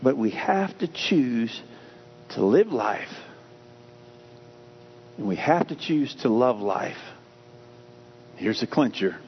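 A man's voice: mid-range voice, big pitch swings, slow, pauses often. A man preaching a sermon, emphatic and repetitive, shifting the stress from word to word. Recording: dull lo-fi sound with faint hum.

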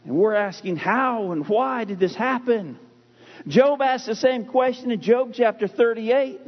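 A man preaching a sermon as pastor, emphatic, with dramatic pauses and repeated lines. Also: extremely high pitch. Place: church sanctuary. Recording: muffled lo-fi sound in a reverberant hall.

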